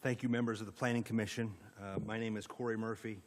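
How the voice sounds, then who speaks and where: A man's voice: on the low side, level tone, fast, in a large hall. A man with an Indiana accent presenting a rezoning proposal at a county planning meeting, in an orderly way with frequent fillers. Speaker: economic development presenter.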